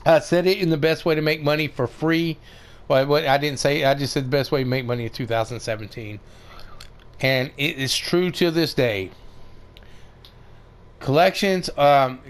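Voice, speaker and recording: A man's voice: medium pitch, normal speed, a bit bright. A man giving casual, rambling commentary over a game tutorial, with many fillers and restarts. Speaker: gaming video creator.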